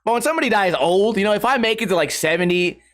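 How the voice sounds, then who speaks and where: Guy with a high voice, rambling podcast story, lots of cussing and laughing. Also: animated, fast talker, fairly bright tone. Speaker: podcast host. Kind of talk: casual storytelling monologue.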